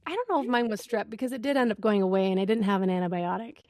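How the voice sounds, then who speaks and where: A woman's voice: medium pitch, very fast, darkish tone, dry recording. Laughing woman telling a candid story. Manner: candid storyteller, laughs a lot, acts out dialogue. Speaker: podcast host. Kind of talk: casual chat.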